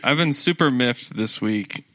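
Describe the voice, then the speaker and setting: A man's voice: mid-range voice, lively intonation, measured pace, a bit bright. A man co-hosting a casual sports podcast, mock-irritable and exasperated. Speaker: podcast co-host. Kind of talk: casual chat.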